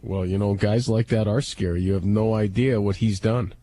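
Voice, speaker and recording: A man co-hosting a radio talk show, telling stories in a casual, animated way and acting out the dialogue. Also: lowish voice, normal speed. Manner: animated storyteller who acts out dialogue. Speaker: co-host. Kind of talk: casual storytelling chat.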